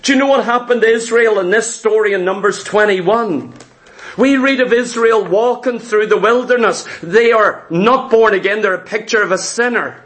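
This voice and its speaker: Male preacher, high-pitched, emphatic sermon delivery, repetitive rhythm. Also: normal speed, a bit bright.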